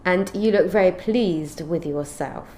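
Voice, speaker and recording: A woman teaching an English grammar lesson, explaining clearly and reading out example sentences in a measured way. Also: fairly low pitch, dark tone.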